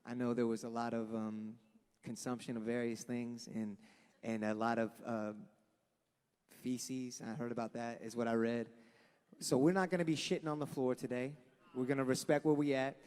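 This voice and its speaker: A man's voice: mid-range voice, flat delivery, moderate pace, a little mellow, smooth. A young man from Los Angeles, a band frontman giving an earnest, rambling, profane speech to a live crowd at an outdoor event. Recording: long echoing reverb from a sound system.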